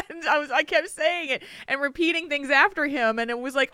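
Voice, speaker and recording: A woman chats animatedly on a podcast and laughs often, her voice fairly high and bright. She sounds a bit tired from a cold. The sound is dry and close to the mic. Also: normal speed, no echo. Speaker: podcast co-host. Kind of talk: casual chat.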